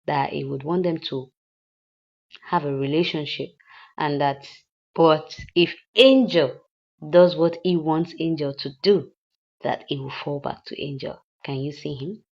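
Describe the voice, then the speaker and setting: A woman's voice: low-pitched, measured pace, gravelly, dull audio. A woman recapping a drama series in a chatty, casual way, slipping in pidgin asides. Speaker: series reviewer.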